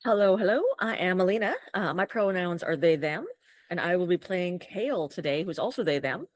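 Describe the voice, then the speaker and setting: A woman's voice: on the low side, expressive, a little fast, dry recording. A woman player in a tabletop game livestream, chatting in an upbeat way on a home mic. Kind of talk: casual chat.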